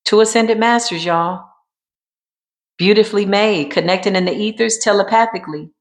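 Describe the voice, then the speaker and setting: A woman gives an intuitive tarot reading in a loose, chatty way. She repeats phrases for emphasis and calls her listeners y'all. Her voice sits at a middle pitch for a woman. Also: normal speed. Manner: emphatic, repetitive, colloquial, addresses viewers as y'all. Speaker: tarot card reader.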